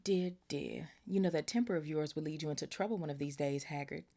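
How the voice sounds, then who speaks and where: A woman voicing a cold, sneering aristocratic wizard man with a breathy, half-whispered delivery. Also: low-pitched, brisk, dark tone. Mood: smooth.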